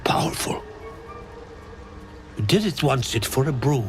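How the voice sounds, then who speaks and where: A dazed, mushroom-addled rambler. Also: male voice, medium pitch, expressive, soft background music. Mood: rambling. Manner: halting, fragmented speech. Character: dazed, mushroom-addled man speaking in broken phrases.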